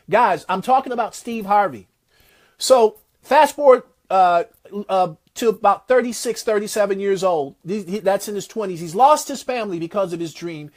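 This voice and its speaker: A man giving a motivational talk, retelling a success story in an animated, preacher-like way. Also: high voice, normal speed. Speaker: motivational speaker.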